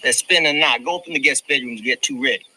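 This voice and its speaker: An actor playing a smooth, menacing male plantation owner in a film, teasing and commanding. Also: mid-range voice, quick pace, sharp tone, slight background noise, poor audio.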